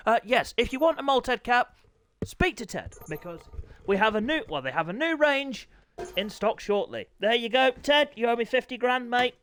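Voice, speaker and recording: A man hosting and commentating a sim racing league, chatty and jokey, teasing the riders and clearing his throat often. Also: high-pitched, a bit bright. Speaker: race commentator and league host.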